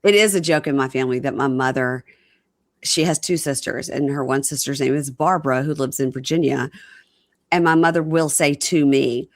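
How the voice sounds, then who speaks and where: A woman hosting a podcast, chatting casually and retelling scenes as an animated storyteller who acts out the lines. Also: extremely low pitch, moderate pace, no room sound, clean studio sound. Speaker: podcast host. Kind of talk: casual chat recapping a reality show.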